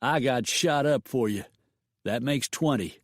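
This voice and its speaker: Guy doing a scared shot-up gunman, folksy rough talk, slow. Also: mid-range voice, dry recording, clean studio sound, pitched above the performer's own voice. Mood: pleading. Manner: rough folksy speech, raised voice. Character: wounded frightened male gunman, pleading.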